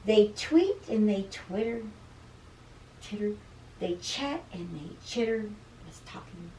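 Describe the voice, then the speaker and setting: A woman reading a picture book aloud to children as a teacher. She stops to explain words and sounds animated. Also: lowish voice, takes it slowly, vocal fry, slight background noise. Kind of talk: read-aloud storytime. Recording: roomy room, distant mic.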